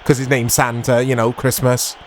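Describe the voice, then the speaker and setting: A man commentating his own football video game play, excitable and self-mocking, shouting at big moments. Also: medium pitch, normal speed, slight background noise. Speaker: gaming YouTuber. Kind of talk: gameplay commentary.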